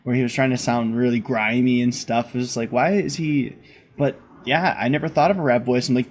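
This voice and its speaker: A man hosting a laid-back interview, enthusiastic and talkative, quick to laugh along with his guest. His voice sits in an ordinary middle range. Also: medium pitch, a little hiss or hum. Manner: enthusiastic and chatty, laughs often. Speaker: podcast host. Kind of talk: casual conversation.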